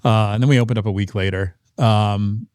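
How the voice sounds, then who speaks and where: Relaxed American podcast host, dry sound. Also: male voice, lowish voice, brisk, no echo. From United States. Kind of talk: casual interview chat.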